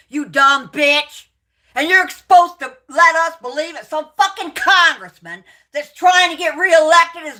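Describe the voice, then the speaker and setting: A woman on a livestream, angrily ranting at her viewers, swearing and accusing, shouting out names, then muttering to herself between outbursts. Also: sits high. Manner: profane, accusing, shouting and yelling. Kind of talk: angry livestream rant at viewers.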